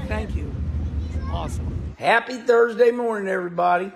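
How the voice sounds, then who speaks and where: An older man, a race car driver, talking emotionally and excitedly after a win, choked up and repeating himself, recorded outdoors at a noisy racetrack. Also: high voice, normal speed. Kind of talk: emotional post-race talk and vlog.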